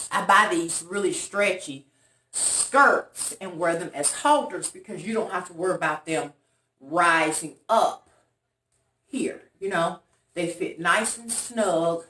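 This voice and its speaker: A woman vlogger speaking unhurriedly in a low-ish voice recounts a lengthy story to viewers from an apartment room. The recording is echoey and off-mic, and she dramatizes it with lively energy, loudly performing the voices of those involved.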